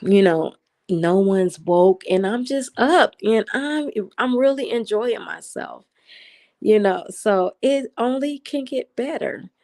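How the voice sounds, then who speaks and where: A woman hosts a relaxed late-night livestream from home and answers her viewers' comments as they come in. Her natural speaking voice sounds excited and animated even when she is just chatting. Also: a little high, slow pace. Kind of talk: casual live chat, reading viewer comments.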